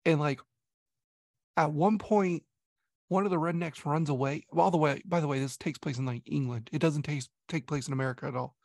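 A man in casual podcast chat, telling a story in an animated, rambling way. His voice sits a little high and has a gravelly fry to it. The sound is dry and close, with no room around it. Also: fairly quick, no echo. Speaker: podcast co-host reviewing a movie.

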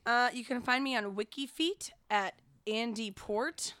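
A woman co-hosts a podcast and keeps up a stream of teasing one-liners in casual chat. Her voice sits a little high, and the recording is dry and close. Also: fairly bright tone, no room sound. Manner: teasing, quick quips. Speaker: podcast co-host.

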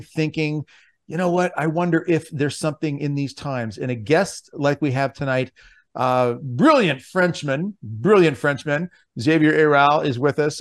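An earnest male podcast host with a slightly high voice. He talks eagerly and often restarts his phrases. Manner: enthusiastic and earnest, with many restarts. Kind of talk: casual podcast hosting.

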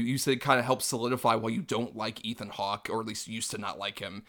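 A man's voice: mid-range voice, little pitch movement, fast talker, hardly any pauses, fairly bright tone. A man co-hosting a casual movie review podcast, rambling with lots of "like" and hedging asides. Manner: rambling, filler-heavy. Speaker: podcast co-host.

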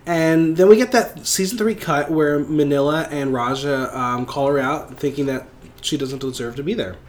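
A man's voice: fairly high pitch, moderate pace. A man co-hosting a podcast, recapping an episode in casual chat, playful and teasing, with some swearing. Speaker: podcast co-host.

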